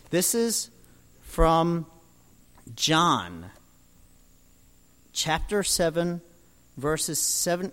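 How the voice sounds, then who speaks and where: A man preaching a sermon, building dramatically from quiet storytelling to loud proclamations. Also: a little high, long reverb tail.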